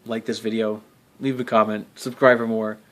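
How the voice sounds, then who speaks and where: There's slight background noise as this wrestling vlogger, his voice on the low side with little pitch movement, recaps at normal speed. He rambles casually and profanely, with many fillers and restarts, jumping into loud exasperated outbursts.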